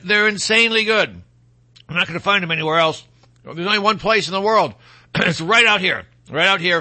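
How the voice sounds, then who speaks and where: Bright, high-voiced Michigan talk host. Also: male voice. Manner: rambling, opinionated, folksy asides. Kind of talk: casual political talk show.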